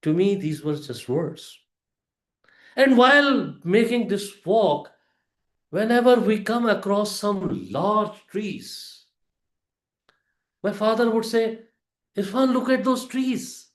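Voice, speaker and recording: A man giving a prepared storytelling speech to a club audience, with a deliberate delivery, pauses and emphatic rises. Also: sits high, big pitch swings, a bit bright, echoey room.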